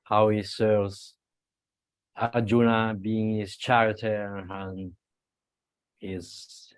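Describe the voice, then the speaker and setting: A man with an Italian accent speaks earnestly and slowly in a lowish voice, halting and restarting with small laughs. The sound is dry and close, with no room around it. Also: little pitch movement, clear, resonant tone, no room sound. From Italy. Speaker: devotee speaking at a gathering. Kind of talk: devotional talk on a video call.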